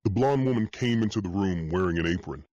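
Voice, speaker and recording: A man narrating an audiobook in the first person, steady and measured. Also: low-pitched, dry recording, muffled recording.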